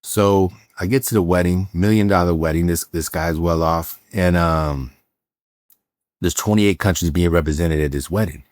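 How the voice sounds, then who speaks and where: A very deep-voiced man with a drawl tells his stories in a casual, animated way. He acts out what people said and often restarts his sentences. The recording is dry and close, with no room sound. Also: moderate pace, dry recording. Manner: animated storyteller, acts out quotes, frequent fillers and restarts. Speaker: real estate entrepreneur guest. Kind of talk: casual storytelling interview.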